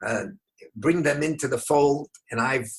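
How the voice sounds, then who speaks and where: An older man from New York, a rabbi being interviewed, telling stories in an unhurried, anecdotal way with emphatic moments. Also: on the high side. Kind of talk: conversational storytelling.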